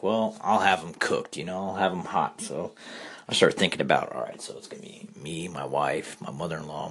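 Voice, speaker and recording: A man's voice: low voice, a bit bright, breathy edge. A man casually telling a rambling personal story, full of restarts and fillers. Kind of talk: casual anecdote.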